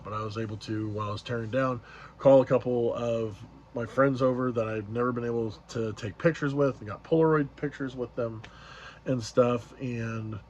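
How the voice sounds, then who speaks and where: A man's voice: medium pitch, dull audio, a little hiss or hum. A man casually retelling an event as a vlogger, rambling along with many fillers and restarts. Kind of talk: casual storytelling recap.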